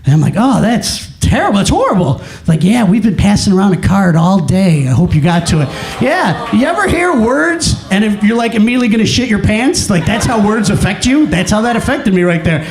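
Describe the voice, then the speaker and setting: Animated high-voiced male stand-up comic. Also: fairly quick, gravelly, echoey room. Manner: animated storytelling, acts out dialogue with shouted punchlines. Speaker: stand-up comedian. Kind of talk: stand-up comedy set.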